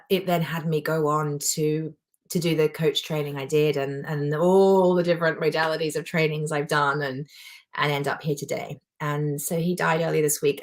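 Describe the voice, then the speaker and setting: Woman in her forties, life coach, low voice, heartfelt and personal, live motivational talk. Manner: heartfelt, emotional, warmly personal.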